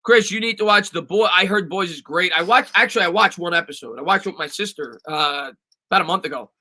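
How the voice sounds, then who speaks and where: A man's voice: sits high, fast talker, sharp tone, low-quality recording. A man hosting a casual live sports stream, reading viewer questions aloud and answering with lots of fillers and restarts.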